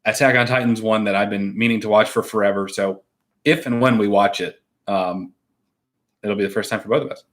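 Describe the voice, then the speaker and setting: A man's voice: fairly low pitch, steady tone, brisk, fairly bright tone. Laid-back man chatting with viewers. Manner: rambling, laughs often, many fillers. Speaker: co-host of a live stream. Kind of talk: casual live-stream chat reading viewer comments.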